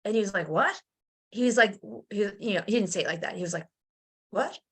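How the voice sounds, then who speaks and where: A middle-aged woman telling a personal story in a casual, animated way, acting out the voices of people she describes. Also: medium pitch, rapid-fire, slightly rough. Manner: animated, acts out voices in her stories. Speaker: guest.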